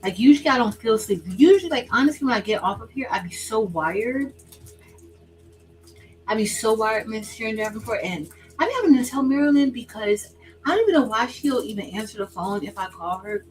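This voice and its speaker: Woman chatting thru a craft stream, talks to chat by name, says y'all a lot, gets loud and excited then goes soft. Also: medium pitch, poor audio. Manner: drifts between excited exclaiming and soft asides. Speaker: craft livestream host. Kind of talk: casual chat while crafting.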